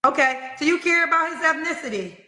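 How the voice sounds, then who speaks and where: A woman's voice: high-pitched, expressive, a little fast, bright, forceful tone, reverberant. A woman interviewing a guest on a talk show, probing with matter-of-fact questions.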